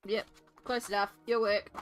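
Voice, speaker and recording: A woman with a congested voice, chatting casually with her livestream viewers while she colours, giggling often and reading out chat names. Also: mid-range voice. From Australia.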